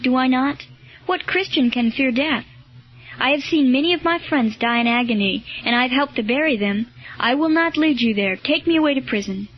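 A woman's voice: sits high, normal speed. A woman reading the part of a frightened but defiant young boy, in an earnest, pleading manner. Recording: dull lo-fi recording.

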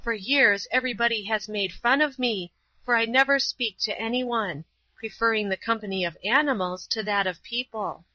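A woman reading a storybook, voicing a poor, lonely old woman who speaks softly and humbly. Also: a little high, moderate pace, no echo, dull audio. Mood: sad, humble.

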